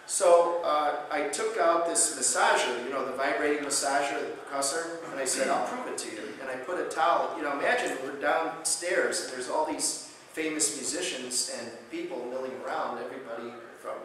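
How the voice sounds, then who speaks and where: Male speaker at a conference, animated story-led lecture, recorded from across a reverberant hall with faint room noise. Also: fairly high pitch, normal speed. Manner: animated storyteller, acts out patient quotes loudly. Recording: echoey hall, distant mic.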